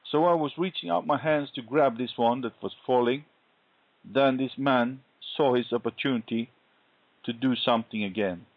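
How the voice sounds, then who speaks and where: A man sharing a faith testimony in an interview, telling his story earnestly and deliberately. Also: medium pitch, no echo. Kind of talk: conversational interview, personal testimony. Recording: dull lo-fi recording.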